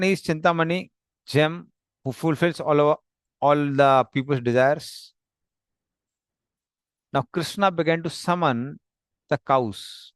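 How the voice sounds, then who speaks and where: A man tells a devotional story at an unhurried pace, pausing often and explaining each slide. His voice sits a bit high for a man, and the sound is close and dry with no room echo. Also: clean tone. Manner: slow, plain, explanatory with pauses.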